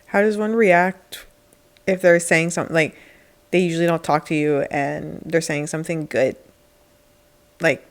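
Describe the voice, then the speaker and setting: A podcast co-host poses loose, rambling questions in a casual chat. The voice has a gravelly, fry-tinged texture. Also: medium pitch, steady tone, moderate pace, pauses often. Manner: asks rambling questions, frequent short agreements.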